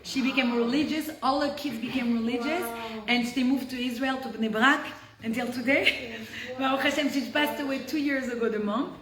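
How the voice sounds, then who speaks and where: A woman from France telling personal stories in a lively way, acting out the people in them and often saying "like". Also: high voice, moderate pace, hardly any pauses, a crowd in the background. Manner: lively, acts out quoted voices, frequent "like" fillers. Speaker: storyteller guest. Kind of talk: animated personal storytelling. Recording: echoey room with faint noise.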